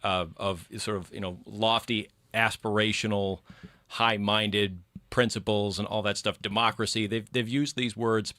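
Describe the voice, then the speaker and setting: Casting: low-voiced male co-host, measured and articulate, dry close sound. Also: a bit bright, no room sound. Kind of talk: casual political talk.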